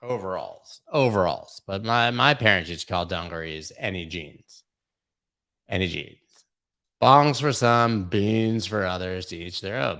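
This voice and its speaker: A man's voice: low voice, lively intonation, measured pace, a bit bright. A young man hosting a live stream, chatting casually, reading out viewer questions and joking around with them. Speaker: host of a live crypto charting stream.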